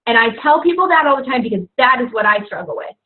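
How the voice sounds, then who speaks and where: A woman's voice: fairly high pitch, expressive, fast. Earnest young woman coach, tinny sound. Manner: earnest, rambling, heavy with "you know" and "like". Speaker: fitness coach. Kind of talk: casual motivational talk to fellow coaches. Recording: tinny phone-like audio.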